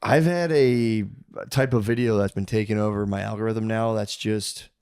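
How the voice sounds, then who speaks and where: A man's voice: lowish voice, normal speed, darkish tone, clean tone. A man co-hosting a comedy podcast, chatting casually in a rambling, crude way and acting out people he describes. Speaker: podcast co-host. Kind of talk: casual chat and read ad.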